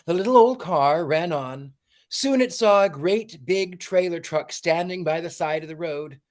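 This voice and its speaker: A man hosting a livestream with a warm, theatrical, exclamatory manner, chatting and reading a storybook aloud. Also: on the high side, measured pace. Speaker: livestream host.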